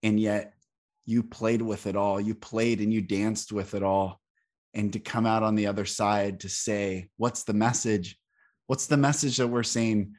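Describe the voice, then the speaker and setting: A man's voice: on the low side, steady tone, unhurried, a little mellow. A man hosting a podcast who speaks fervently and repeats himself for emphasis in an emotional spiritual conversation. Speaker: podcast host.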